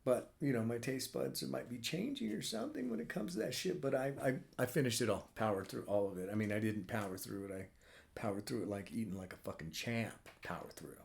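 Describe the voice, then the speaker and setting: A man's voice: medium pitch, expressive, brisk, vocal fry. A middle-aged man chatting casually on a live stream from his home drawing room, rambling and swearing freely. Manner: rambling and profane, lots of fillers. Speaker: cartoonist streamer.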